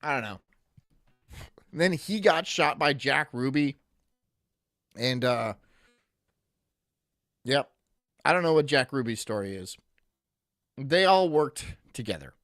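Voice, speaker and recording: A man's voice: mid-range voice, animated, takes it slowly, long pauses, a bit bright, dry recording, clean studio sound. A male streamer riffing casually and reading chat messages aloud in a rambling, joking way. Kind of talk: casual reaction commentary.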